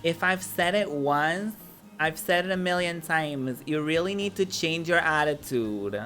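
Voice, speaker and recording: A man's voice: a little high, measured pace, pushed and bright, faint music behind, voice pushed up. A man voicing a caring but bossy young female daemon in a game, in a valley girl voice. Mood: exasperated.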